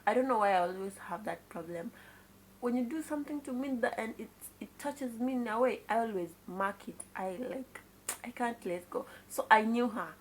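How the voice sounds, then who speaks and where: A woman's voice: fairly high pitch, moderate pace, slight background noise. A young Kenyan woman with a Kenyan accent telling a childhood story to her viewers in a casual, confiding way, dropping in Swahili words and frequent exclamations. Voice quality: mixes in Swahili words and exclaims "kai" often. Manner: confiding, chatty retelling to viewers. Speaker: vlogger.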